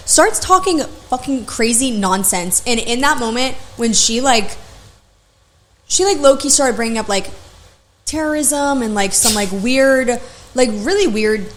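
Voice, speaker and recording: A woman esthetician telling stories in a casual podcast chat, animated, frank and profane. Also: fairly high pitch, unhurried, a little hiss or hum, low-quality recording.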